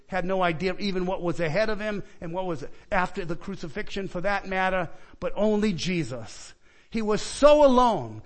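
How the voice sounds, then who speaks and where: High-voiced impassioned preacher man. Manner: impassioned, swings between loud pleading and quiet reflection; repeats and restarts words, asks the listeners questions. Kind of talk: sermon.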